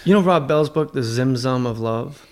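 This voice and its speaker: A man chatting as a guest on a podcast, rambling and joking, slipping into quick put-on voices. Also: medium pitch. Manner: rambling, jokey, acts out voices in quick asides. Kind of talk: casual chat.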